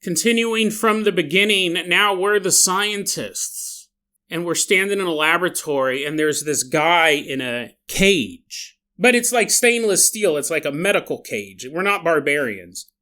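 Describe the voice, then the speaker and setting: A man's voice: fairly high pitch, lively intonation, measured pace, bright, forceful tone. A man hosting a podcast, telling a comic story in a playful, giggly, jokey way. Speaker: podcast host.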